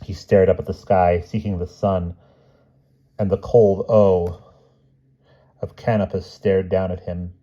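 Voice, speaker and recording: Brief: male storyteller with a deep, warm voice, savoring every list, on a muffled recording. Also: level tone. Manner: measured, relishing word lists. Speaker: audiobook reader. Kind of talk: storybook reading aloud.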